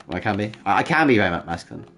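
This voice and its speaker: A man's voice: on the low side, big pitch swings, very fast, fairly bright tone, faint music behind. A man hosting a casual livestream, bantering and joking with chat, with frequent restarts. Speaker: livestream host.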